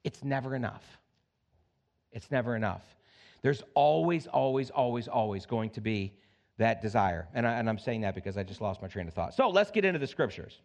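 A man preaching a sermon as pastor, conversational and animated, talking straight to his congregation and acting out little scenes. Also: medium pitch, fairly quick, gravelly.

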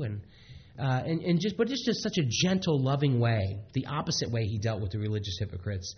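Male preacher delivering a sermon, husky and halting, many restarts, mid-pitched. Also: animated, lo-fi sound.

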